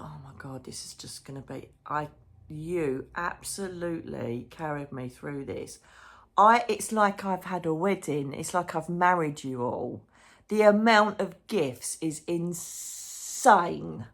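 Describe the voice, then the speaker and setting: A woman's voice: sits low, vocal fry. A woman chatting emotionally in a casual diary vlog from a hotel room. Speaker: psychic medium vlogger.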